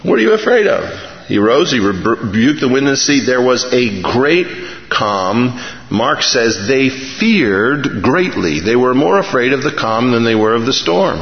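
A middle-aged pastor preaches a sermon in a medium-pitched, slightly slow voice, telling stories with animation and acting out the voices of the people in them. The recording sounds dull, as if made in an echoey hall.

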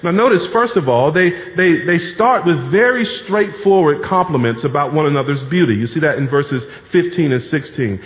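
Male pastor, fairly high voice, chatty preaching with lots of repetition, long church reverb, dull lo-fi recording. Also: animated, unhurried. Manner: conversational preaching, repeats key phrases for emphasis. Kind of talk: sermon. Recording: reverberant hall, dull lo-fi sound.

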